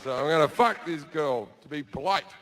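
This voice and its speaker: A man's voice: a little high, normal speed, a little hiss or hum. Brash stand-up man, crude storytelling. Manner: crude, brash, deadpan asides with shouted put-on voices. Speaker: stand-up comedian. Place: theatre stage before a laughing audience.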